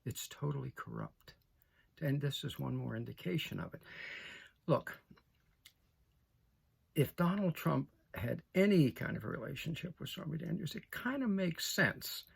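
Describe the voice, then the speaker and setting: A man's voice: medium pitch, gravelly, slightly rough. An older man giving an emphatic political opinion monologue, repeating phrases and checking in with "okay?". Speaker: political commentator.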